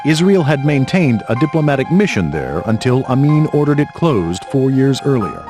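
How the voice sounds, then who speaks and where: A man's voice: mid-range voice, very animated, normal speed, over music. Grave male documentary narrator. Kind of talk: scripted narration.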